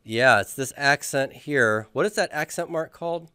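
A man's voice: mid-range voice, moderate pace, sharp tone, clean tone, no room sound. A man teaching a class, patiently drilling students and having them repeat after him. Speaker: Hebrew grammar teacher. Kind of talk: classroom lecture with questions.

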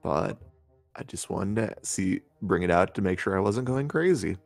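A man playing in a tabletop game, talking in a relaxed, rambling, wry way. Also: sits low, normal speed, vocal fry, no echo, faint music behind. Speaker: player. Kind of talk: casual tabletop play.

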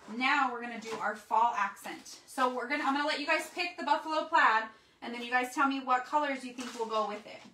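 A woman's voice: fairly high pitch, pushed and bright. A woman hosting a casual live craft demo, chatting with viewers and reading their comments as she works. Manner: chatty, talks to viewers as guys. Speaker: craft livestream host. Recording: roomy echo, mic at a distance, faint background noise.

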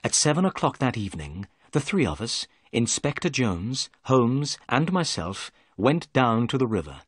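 A man giving clear, measured narration of a graded reader story. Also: medium pitch, very animated, no echo, studio quality.

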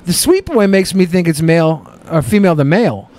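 Animated high-voiced man joking around. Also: fairly quick, slight background noise. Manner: loose, profane, laughs often. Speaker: podcast co-host reading listener questions. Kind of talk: crude, joking podcast banter.

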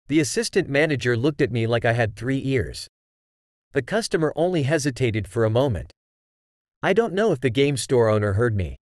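A man reading out online stories as scripted narration, with an even read-aloud delivery. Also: medium pitch, no room sound, studio quality.

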